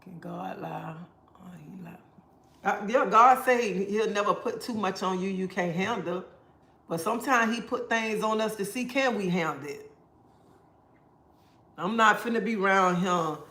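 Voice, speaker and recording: Hosting a casual livestream, a man answers viewer comments and hands out preachy life advice. His voice sits high and sounds sharp, moving at a moderate pace. The room gives it a roomy echo.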